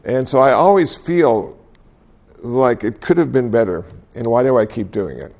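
An older man with a gravelly, creaky voice gives an unhurried dharma talk. He tells his stories with gentle, self-deprecating humor and speaks reflectively. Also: medium pitch, animated. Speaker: Buddhist speaker.

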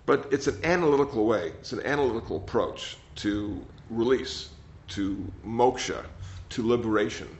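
An older man, a meditation teacher, giving a gentle, rambling dharma talk that often repeats words. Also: medium pitch, normal speed, hardly any pauses. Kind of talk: dharma talk with audience questions. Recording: slightly dull sound, faint noise.

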